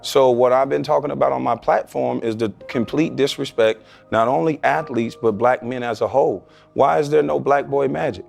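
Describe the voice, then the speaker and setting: A former basketball player speaks as a podcast guest with a gravelly, creaky voice. He argues his point bluntly and with emphasis. Faint music plays underneath. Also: medium pitch, normal speed, hardly any pauses, a little mellow. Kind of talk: podcast interview.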